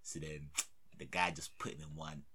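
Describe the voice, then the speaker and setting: Deep husky young man telling stories. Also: normal speed. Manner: animated storytelling full of slang and fillers. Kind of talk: casual chat.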